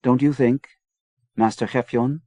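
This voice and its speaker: A man reading an audiobook, voicing a bold, quick-witted young British woman who is poised and inquiring. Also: medium pitch, fairly even intonation, mellow, dry recording, pitched above the performer's own voice, lightly acted. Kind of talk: audiobook character voice.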